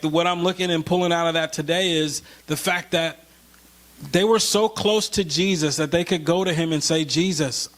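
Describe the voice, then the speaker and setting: Man, pastor, high-pitched voice, casual sermon, slows for scripture, lifts when pleading. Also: a bit bright. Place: church.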